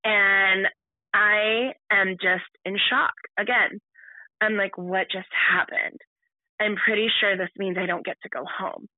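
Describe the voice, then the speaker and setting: A woman's voice: medium pitch, fairly even intonation, no echo. Woman guest telling her story over a tinny line. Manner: halting, full of restarts and fillers. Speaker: podcast guest. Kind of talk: personal storytelling.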